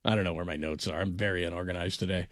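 A man's voice: low voice, steady tone, racing, no echo, clean studio sound. A man hosting a sports talk radio show, chatting casually and telling rambling jokey stories. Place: radio studio.

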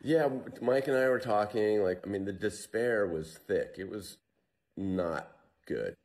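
A man being interviewed, recounting a survival story in a relaxed, storytelling way with fillers and restarts. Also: on the low side, measured pace. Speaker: interview guest.

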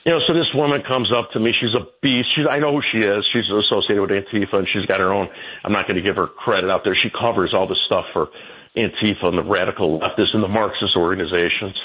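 A man in his sixties, a guest telling stories in a rambling way, his pitch jumping about as he goes. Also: steady tone, fast, slightly rough. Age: 60s. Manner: rambling storyteller, jumping pitch, laughs between. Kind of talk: casual interview talk. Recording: tinny phone line.

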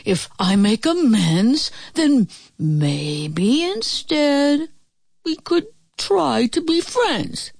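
A woman's voice: a little high, big pitch swings, takes it slowly, creaky, no room sound, studio quality, pitched above the performer's own voice, heavily acted. A woman voicing a tired, sorry male wolf in a storybook who just wants to be friends. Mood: pleading. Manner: weary, pleading.

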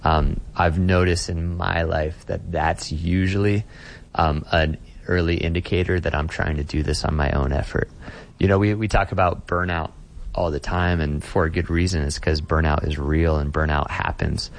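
Deep-voiced earnest male pastor. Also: steady tone, moderate pace, vocal fry. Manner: earnest, repeats words when starting sentences. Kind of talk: conversational interview.

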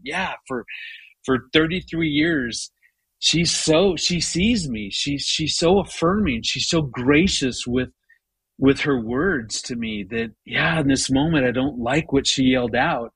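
A husky-voiced man in his fifties talks as a guest in an interview. He tells personal stories in a casual, conversational way, often doubling up on words as he goes. His voice is mid-pitched and sounds dry and close. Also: a little slow, fairly bright tone, dry recording, rough recording. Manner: repeats words often while telling stories. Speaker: guest, marriage author. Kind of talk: conversational storytelling.

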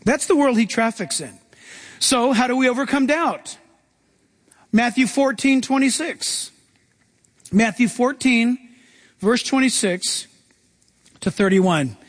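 A man preaching a sermon as a pastor, animated and playful, acting out the voices of Bible figures as he tells the story. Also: extremely high pitch, slow pace, long pauses.

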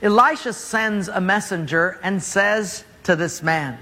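A man's voice: high-pitched, a little slow, sharp tone, long reverb tail. A man preaching a sermon as pastor, telling the story animatedly with jokes.

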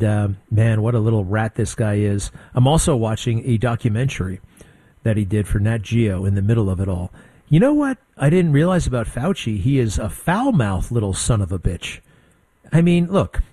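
A middle-aged man hosting a radio talk show, blunt and sarcastic, mocking people with quick impressions. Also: fairly low pitch, lively intonation, darkish tone, dry recording. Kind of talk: opinionated talk radio monologue.

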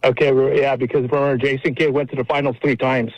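A man's voice: medium pitch, level tone, fast talker, no echo. A man calling in to a sports radio show, confident and trash-talking but stumbling over names with fillers. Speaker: caller. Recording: dry, muffled phone-in line.

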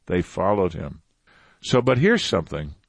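A man's voice: sits low, big pitch swings, normal speed, no room sound. A man teaching a Bible passage in a conversational way, repeating phrases for emphasis. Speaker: preacher.

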